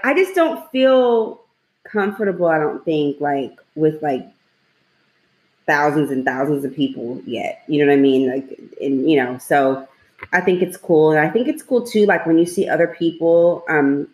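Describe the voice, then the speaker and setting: A woman in her thirties co-hosting a radio talk show, chatting casually, laughing often and filling her talk with "like" and "you know". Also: low-pitched. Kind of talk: casual chat. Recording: roomy echo.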